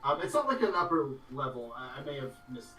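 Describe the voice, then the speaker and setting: A man narrating as game master of a tabletop game, in a loose, halting way with many fillers and laughs. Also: medium pitch, big pitch swings, a bit bright, roomy sound, recorded from a distance, rough recording.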